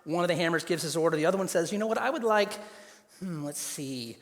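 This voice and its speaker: A man emcees a live improv comedy show, upbeat and talking out to a crowd. His voice sits high for a man. A long hall reverb trails each line. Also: expressive, fast talker. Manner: upbeat, announcing to an audience.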